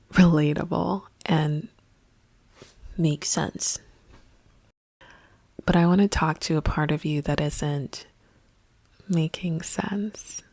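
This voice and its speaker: Low, gravelly, slow-talking woman. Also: dry recording. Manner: soft, often half-whispered and musing. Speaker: spiritual coach. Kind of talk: reflective vlog monologue.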